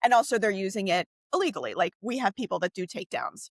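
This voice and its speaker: A woman co-hosting a podcast talks in a loose, rambling way, full of "like" and "you know" and restarts. Her voice sits at an ordinary middle pitch and is recorded close and dry, with no room sound. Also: lively intonation, fast talker, dry recording. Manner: chatty, many fillers and restarts. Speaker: podcast co-host. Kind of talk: casual podcast discussion.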